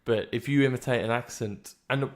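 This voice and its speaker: A man's voice: mid-range voice, fairly even intonation, fairly quick. A young man with a West Midlands accent, co-hosting a casual podcast chat, jokey and chatty, often trailing off. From West Midlands, England. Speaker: podcast co-host.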